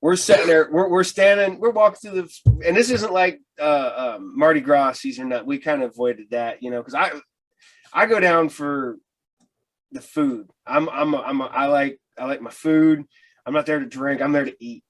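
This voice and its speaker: A man's voice: on the high side, moderate pace. A man hosting a podcast, chatting casually, who laughs often and stammers a little as he tells stories. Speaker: podcast host. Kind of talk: casual chat.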